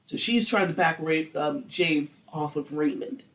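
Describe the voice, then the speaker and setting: Animated, crude true-crime podcast storyteller. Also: medium pitch, a little slow, distant mic. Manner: animated, crude, acts out quotes. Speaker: podcast host telling the story.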